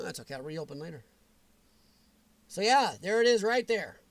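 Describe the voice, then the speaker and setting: A man hosting a casual livestream, answering viewers' comments in a chatty, animated way with frequent chuckles. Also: sits high, normal speed, no echo. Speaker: livestream host.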